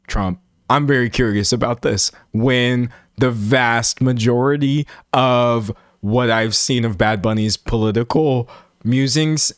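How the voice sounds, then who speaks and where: A man's voice: mid-range voice, no room sound, clean studio sound. A man commentating on a live stream and reading chat aloud. He rambles, restarts his sentences and pokes fun at himself. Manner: animated and rambling, self-mocking, many restarts.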